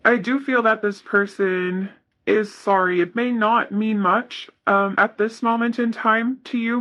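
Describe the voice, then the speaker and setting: A woman talks through a tarot reading in a bright, clear voice. She reads each card message aloud softly and hesitantly, with ums and small pauses. The recording is a little dull and lo-fi. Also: mid-range voice. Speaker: tarot reader.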